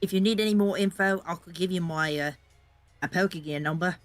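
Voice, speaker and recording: A tabletop player speaking in character, calm and friendly. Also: mid-range voice, fairly quick, soft background music. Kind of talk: in-character tabletop role-play.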